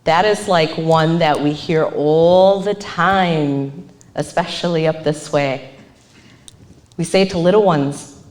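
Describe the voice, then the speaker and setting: Woman counselor presenting live, lower voice, roomy sound, acts out examples. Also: normal speed. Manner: animated, acts out quoted phrases. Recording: echoey room.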